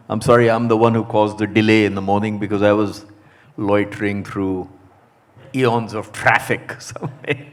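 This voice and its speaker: Measured, polite male panelist. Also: on the low side, vocal fry. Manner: polite, measured, lists points. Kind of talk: panel discussion answer.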